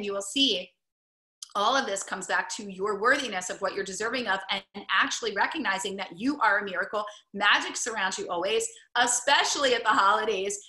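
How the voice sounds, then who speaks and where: Bright chatty woman coaching to camera, lots of "like" and "right?", echoey room. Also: medium pitch, brisk. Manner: chatty, upbeat, full of "like" and "right?". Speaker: wellness coach. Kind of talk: casual teaching talk to camera.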